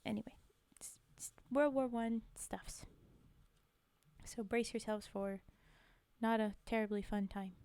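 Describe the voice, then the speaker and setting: Slow, mellow-voiced woman streamer. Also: fairly high pitch, steady tone, smooth. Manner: halting, full of soft fillers. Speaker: streamer reading poetry. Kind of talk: casual live-stream chat.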